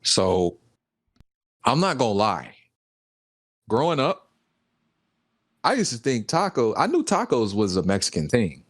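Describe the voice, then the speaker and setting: A man's voice: medium pitch, wildly swooping pitch, unhurried, long pauses, no echo, studio quality. A young man from the South, co-hosting a casual podcast and telling rambling stories with frequent laughter. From Southern United States. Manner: rambling storyteller, laughs often, acts out quotes. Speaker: podcast co-host. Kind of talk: casual chat.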